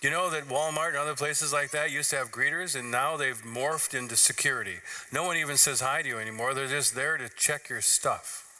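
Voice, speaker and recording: A man's voice: mid-range voice, brisk, few pauses, sharp tone. A man, a pastor, giving an earnest, conversational sermon in church.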